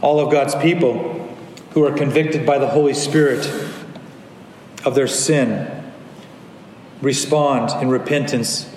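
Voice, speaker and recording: A man's voice: medium pitch, steady tone, slow, pauses often, darkish tone, slight background noise. A man preaching a sermon as pastor, earnest, sometimes acting out the people in the story. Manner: earnest, acts out quoted lines. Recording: echoey hall, faint ambience.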